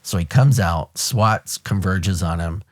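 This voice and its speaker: A man in his fifties from the United States, a podcast host and retired police officer, telling a story in a blunt, animated way and swearing casually. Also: sits low, slow. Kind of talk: conversational storytelling.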